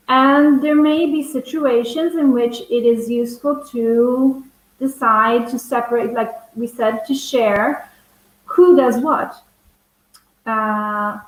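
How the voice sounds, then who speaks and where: A woman teaching a business English lesson, explaining slowly with many pauses, fillers and restarts. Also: a little high, reverberant, poor audio.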